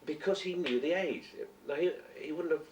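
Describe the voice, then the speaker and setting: A man who is an actor, telling lively anecdotes in an interview and acting out voices at an indoor fan event. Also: moderate pace, slight background noise. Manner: animated storyteller who acts out voices. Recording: roomy, distant, low-quality amateur tape.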